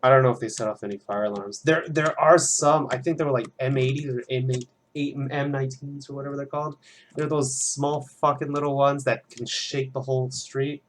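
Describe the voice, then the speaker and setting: Working on a drawing at home while streaming, a young art student keeps up rambling, casual commentary laced with swearing. He speaks fairly quickly at medium pitch with fairly even intonation, over slight background noise.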